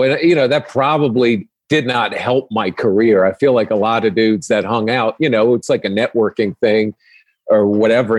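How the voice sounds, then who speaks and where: A man's voice: medium pitch, no room sound. Laid-back man, dry close sound. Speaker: podcast guest, comedian. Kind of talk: casual conversation.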